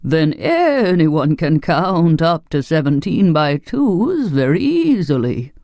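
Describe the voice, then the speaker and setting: A narrator voicing a slow, blunt wooden sawhorse creature in an audiobook. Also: mid-range voice, very animated, a little mellow, no room sound, clean studio sound. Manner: slow and deliberate.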